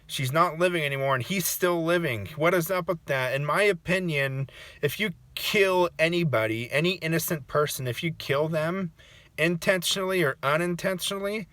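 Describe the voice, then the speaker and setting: A man in a casual personal reaction vlog, talking in an emotional, halting way and restarting his sentences. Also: fairly high pitch, a bit bright, no echo. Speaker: vlogger.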